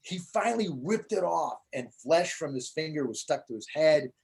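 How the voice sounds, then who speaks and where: A man's voice: fairly high pitch, normal speed, gravelly, breathy edge. A comedian in a casual interview, talking with a voice sitting a little above the usual male range. He tells stories with energy and slips into voices for the people in them. The delivery is loose, chatty and built around getting to the punchline. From United States. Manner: animated storyteller, acts out voices in anecdotes. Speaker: guest comedian.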